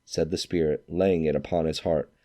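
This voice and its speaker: A man reading a classic novel aloud as narrator, in an expressive storytelling manner. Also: very deep voice, moderate pace, crowd noise. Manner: expressive storytelling, acts out quoted lines.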